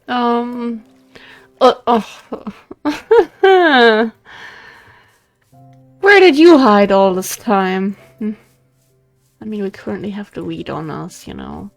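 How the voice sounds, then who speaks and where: A woman's voice: medium pitch, very animated, slow, soft background music. A woman casually talking through her game as the host of a let's play, chatting to the animals on screen. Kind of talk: casual gameplay commentary.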